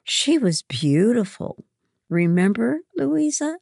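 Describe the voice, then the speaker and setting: A gushing, slightly snooty teenage girl from a storybook, voiced by a woman reading aloud. The voice sits higher than the reader's usual low pitch. The delivery stays slow, with a gravelly edge. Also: sing-song, darkish tone, dry recording, clean studio sound, exaggerated voice.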